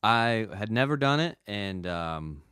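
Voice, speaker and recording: A man from the United States, a comedy podcast guest, chatting casually and telling a story, with sudden high jumps in pitch when he acts out quotes. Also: expressive, takes it slowly, sharp tone, clean tone, no room sound, studio quality. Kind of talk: casual chat.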